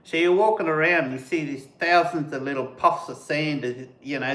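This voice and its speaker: A man hosting a live stream, telling casual stories in an animated way and mimicking sounds as he goes. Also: a little high, moderate pace, hardly any pauses, roomy sound. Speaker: host of a camping channel, live stream.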